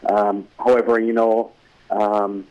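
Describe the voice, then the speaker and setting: A man's voice: fairly low pitch, level tone, slow pace, a little mellow, muffled recording. A man with an Irish accent, a guest in a casual radio interview, rambling with many fillers and restarts. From Ireland.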